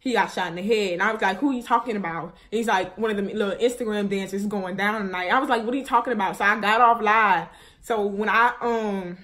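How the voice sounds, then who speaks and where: A woman's voice: medium pitch, a bit bright. Grieving young woman, rambling vlog story. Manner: rambling, restarts often, many fillers; grieving, subdued and shaky. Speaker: vlogger. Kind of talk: emotional personal story to viewers.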